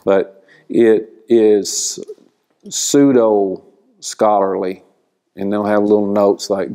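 Slow, low-voiced man teaching a church class. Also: fairly even intonation, warm tone. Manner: slow, explanatory, asks the class questions. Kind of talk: church Bible class lesson.

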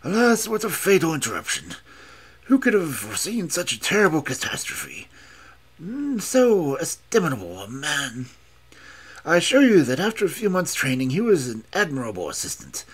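A man's voice: on the high side, huge pitch swings, normal speed, breathy edge, full character voice. A man voicing an elderly invalid scholar who speaks in a precise, mincing, plaintive way. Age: older. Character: elderly male invalid scholar, chain-smoking, fussy.

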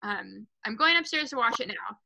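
A woman reading aloud, voicing a vain, blustering father who yells indignantly and panics over his hair. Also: a little high, animated, moderate pace, vocal fry, heavily acted. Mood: bossy. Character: blustering middle-aged father, vain car salesman.

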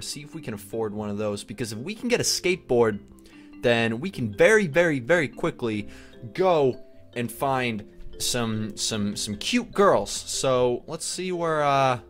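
A young man hosting a gaming video, giving playful, excited commentary with a pleading tone. His voice jumps high whenever he gets worked up.

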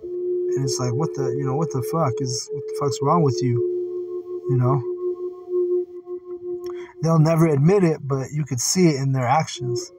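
A man's voice: mid-range voice, moderate pace, pauses often. A man reading scripture aloud and commenting on it in a casual, blunt way, often swearing. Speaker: Bible teacher. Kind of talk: casual Bible study commentary. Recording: distant mic with singing bowl music.

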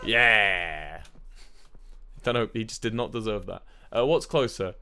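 A man's voice: lowish voice, measured pace, bright, forceful tone, slight background noise. A man streaming a video game, chatting playfully and joking in broken Spanish. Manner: playful, mock-Spanish banter, swearing. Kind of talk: casual live-stream chat.

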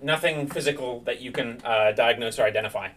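A male game master narrates a tabletop session in a mid-pitched, everyday voice, hesitating often with fillers as he sets the scene. The sound comes from slightly away from the microphone, as on a streamed game night. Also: brisk, fairly bright tone, distant mic. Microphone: streaming setup.

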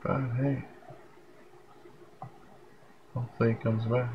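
A tired man hosts a late-night livestream. His low voice has a gravelly rasp, and he talks in a rambling, friendly way. Faint noise sits behind him. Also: fairly even intonation, moderate pace, long pauses. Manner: rambling, friendly, reads out viewer comments. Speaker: livestream host. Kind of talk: casual live broadcast chat. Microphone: headphones with plug-in mic.

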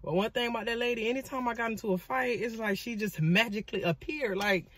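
A woman, from Florida, telling a personal story in a dramatic, animated vlog with frequent asides. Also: fairly high pitch, quick pace, slight background noise. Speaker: vlogger and motivational speaker.

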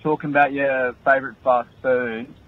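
A man's voice: mid-range voice, level tone, moderate pace. A man leaving a casual, laid-back voice message as a caller. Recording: tinny phone line.

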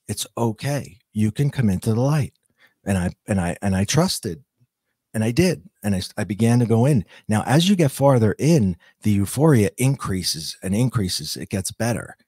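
A man's voice: medium pitch, a little mellow, no echo, studio quality. A man telling his own near-death story as a podcast guest, earnest and reflective, stopping and restarting as he searches for words. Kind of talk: personal storytelling.

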